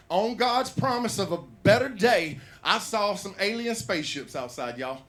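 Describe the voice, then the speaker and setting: A man's voice: high-pitched, a bit bright. A man telling a rambling, profane stand-up story at an open mic in a comedy bar.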